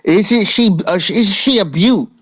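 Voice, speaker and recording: A man's voice: high-pitched, expressive, normal speed, fairly bright tone, dry recording, voice pushed up, poor audio. A man voicing a friendly male biker gang member, calling everyone mate and lad. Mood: hearty. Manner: hearty, calls people mate and lad.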